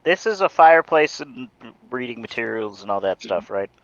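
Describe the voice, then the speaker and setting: A man's voice: medium pitch, very animated, moderate pace, no echo, lo-fi sound. A man playing a tabletop game, chatting and joking with the group. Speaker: player. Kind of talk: casual chat at a game table.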